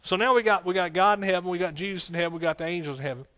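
A man's voice: high voice, rapid-fire, a bit bright. A man preaching a folksy, conversational sermon, with frequent amens and hallelujahs. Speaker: pastor.

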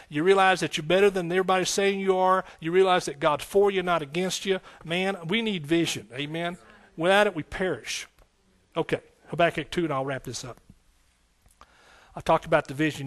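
Folksy, fiery man preaching a sermon. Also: on the high side. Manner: folksy, energetic preaching with repeated phrases and calls of "amen". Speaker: pastor and Bible teacher.

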